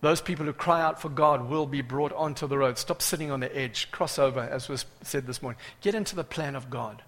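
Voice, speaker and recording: A man preaching a sermon with dramatic swings from loud cries to hushed asides. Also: mid-range voice, a little fast. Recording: reverberant hall.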